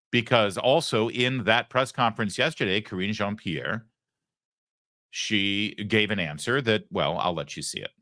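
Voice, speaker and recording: A man's voice: lowish voice, fairly bright tone, dry recording, clean studio sound. A man hosting a political commentary show, delivering a sarcastic opinion monologue and acting out the people he quotes. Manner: sarcastic, mocking, acts out quoted voices.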